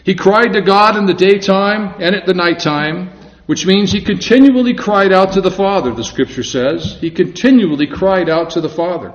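A male preacher with a fairly high voice delivers a sermon, earnest and measured. He slows down to stress his scripture quotes. The recording is dull and lo-fi, in an echoey room.

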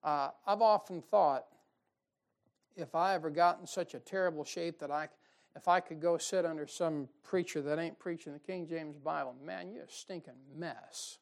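A man preaching a folksy, emphatic sermon, with sudden loud bursts and mocking quotes. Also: fairly high pitch, normal speed, vocal fry. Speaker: pastor. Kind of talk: fiery sermon.

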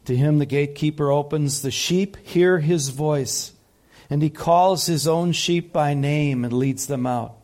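A man preaching a sermon, impassioned, swinging between loud peaks and soft, quiet passages. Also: fairly high pitch, a little slow. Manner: impassioned, rising loud then dropping soft. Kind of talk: sermon teaching.

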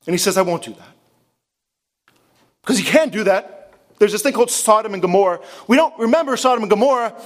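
A male pastor with a very high-pitched voice preaches to a congregation. He delivers his sermon with passion and keeps asking rhetorical questions. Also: lively intonation, brisk, long pauses.

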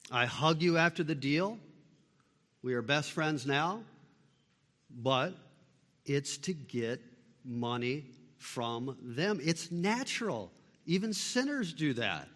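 A male pastor preaching a sermon, shifting between loud emphatic bursts and quiet low passages. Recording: long reverb of a large hall.

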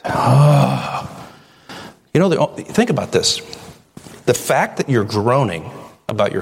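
A man's voice: mid-range voice, big-room sound. A middle-aged male pastor preaching a sermon in a conversational way, full of rhetorical questions.

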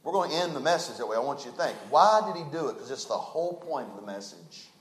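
A man preaching a sermon, folksy and emphatic, swinging from loud to hushed. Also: medium pitch, lively intonation, fast talker, echoey room.

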